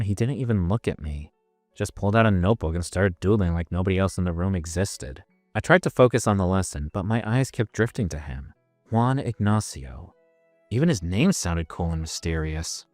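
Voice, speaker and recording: In casual, self-mocking first-person scripted narration, a man tells a story of his own. His lowish voice rises and falls with plenty of life. The recording is dry and close with no echo, and faint music plays beneath.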